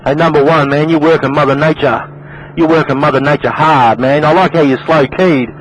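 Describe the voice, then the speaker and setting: A brisk Australian man with a fairly high, steady voice chats casually over CB radio, repeating himself and calling the other operator "man." He calls everyone man, and the transmission is thick with noisy radio skip.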